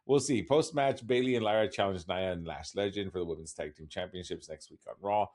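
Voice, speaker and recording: A man's voice: low voice, fairly quick, darkish tone. A man co-hosting a casual podcast recap, rambling along with wry laughs. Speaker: podcast co-host.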